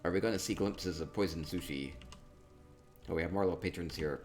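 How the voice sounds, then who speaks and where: A man chatting casually through a tour of a game, upbeat and quick to repeat himself, with soft laughs between remarks. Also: deep voice, faint music behind. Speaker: gaming streamer touring player-built homes. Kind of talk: casual gameplay commentary.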